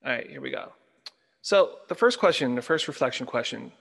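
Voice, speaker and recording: A middle-aged man with an average-pitched voice leads a live online Bible study. He moves things along with casual, upbeat asides to viewers. His voice carries a long reverberant tail. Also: sing-song, brisk, gravelly, fairly bright tone.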